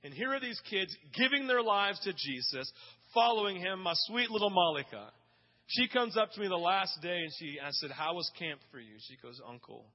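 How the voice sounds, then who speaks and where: High-voiced man preaching in a reverberant hall. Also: expressive, normal speed. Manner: passionate storytelling with emphatic repetition. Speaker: pastor. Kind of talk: sermon. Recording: reverberant dull hall sound.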